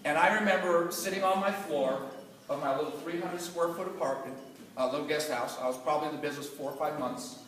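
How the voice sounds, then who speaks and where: Bright-voiced man telling stories at a seminar. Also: fairly high pitch, fast, far from the mic. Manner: animated storytelling, emphatic repetition. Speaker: motivational business trainer. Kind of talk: motivational seminar talk. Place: large echoey room with live audience. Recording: echoey room from afar, faint noise.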